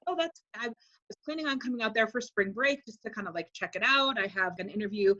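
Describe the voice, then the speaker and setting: Bright, animated woman in her forties. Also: on the high side, a little fast, dull audio. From Wisconsin, US. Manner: animated, acts out quoted speech with "like". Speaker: guest, high school Spanish teacher. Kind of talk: casual storytelling interview.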